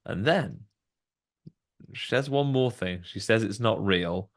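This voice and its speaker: A man's voice: lowish voice, animated, slow. A man co-hosting a podcast, casually recapping a film's plot with dry, wry jokes. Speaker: podcast co-host. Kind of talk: casual film discussion.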